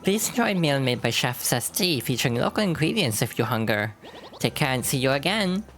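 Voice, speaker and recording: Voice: medium pitch, big pitch swings, fairly quick, fairly bright tone, soft background music. A streamer voicing a polite innkeeper in a put-on foreign accent with clipped, broken phrasing. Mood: courteous.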